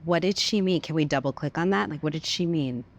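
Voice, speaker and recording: A woman hosting an interview, affirming her guest with soft murmurs and playful riffs in casual conversation. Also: low-pitched, a little fast. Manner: affirming, frequent soft mm-hmms, playful riffing. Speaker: host.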